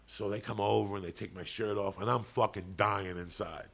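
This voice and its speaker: A man's voice: lowish voice, steady tone, normal speed, vocal fry, fairly bright tone. A man co-hosting a podcast, telling a long story in a casual, profane, rambling way. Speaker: podcast co-host.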